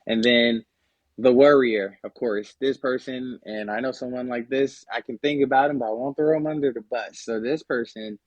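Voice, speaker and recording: A man's voice: mid-range voice, steady tone, moderate pace, no echo, lo-fi sound. A man talking through money personality types on a personal finance podcast, casual and conversational, with frequent fillers and restarts. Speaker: podcast guest. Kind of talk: casual explanatory podcast talk.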